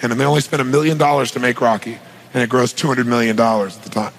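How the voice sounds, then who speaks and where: Gravelly man telling an animated story. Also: mid-range voice, quick pace, slight background noise, poor audio. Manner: animated, retells dialogue with rhetorical questions. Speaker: motivational speaker. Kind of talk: storytelling on stage.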